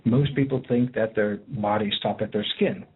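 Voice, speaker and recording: Calm, husky man on a phone-like line. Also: fairly low pitch, normal speed. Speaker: guest, intuitive healer. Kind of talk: explanatory talk. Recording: tinny phone-like call audio.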